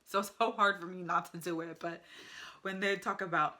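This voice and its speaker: A woman's voice: fairly low pitch, fairly even intonation, moderate pace, pushed and bright. A young American woman vlogging casually at home, chatty and enthusiastic, often laughing as she talks to the camera. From United States. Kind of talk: casual vlog review.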